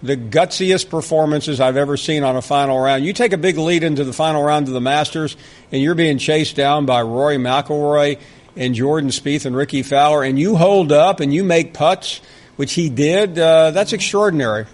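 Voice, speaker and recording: Wry sports radio host, fairly high voice. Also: male voice, normal speed. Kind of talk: call-in radio talk.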